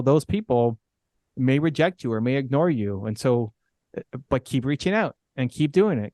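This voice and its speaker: A man's voice: a little high, warm tone, dry recording, clean studio sound. A middle-aged man, a podcast guest, telling a candid personal story in an earnest way, full of "like" and "right?".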